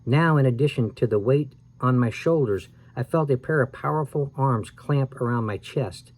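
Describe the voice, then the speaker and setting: Male storyteller, mid-pitched voice, expressive read-aloud of a spooky kids' book, small self-corrections. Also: moderate pace. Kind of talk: dramatic read-aloud of a scary children's story.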